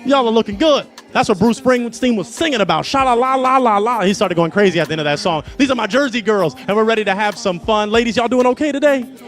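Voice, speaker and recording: A man hosting a dating show with playful, animated energy, stretching words for effect. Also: high-pitched, fast talker, soft background music. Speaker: host.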